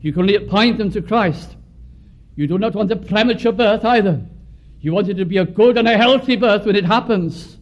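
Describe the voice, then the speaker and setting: A man from Wales preaching a sermon earnestly, swelling from quiet musings to fervent prayer. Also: sits high, a little fast. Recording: dull lo-fi recording.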